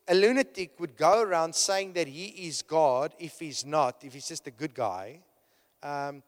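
A man delivers a sermon with a fairly high voice that rings out through a hall with a long reverb tail. He speaks with emphasis, restarting and repeating phrases as he drives his points home. He keeps turning to the room with rhetorical check-ins. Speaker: preacher.

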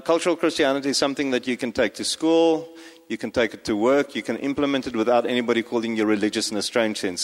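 A pastor giving a sermon to his congregation, talking with frequent fillers and restarts. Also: mid-range voice. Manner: hesitant, many fillers and restarts. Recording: long hall reverb.

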